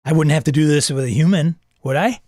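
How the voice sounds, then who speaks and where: A man's voice: on the high side, fast, mellow, no room sound, clean studio sound. A man casually commenting as he runs a role-playing game with an AI storyteller, thinking aloud and chuckling at it.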